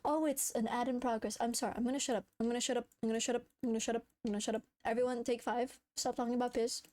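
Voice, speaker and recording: Giggly high-voiced woman streamer. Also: level tone, very fast, darkish tone. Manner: giggly, laughs often, swears casually. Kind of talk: casual chat reading viewer messages.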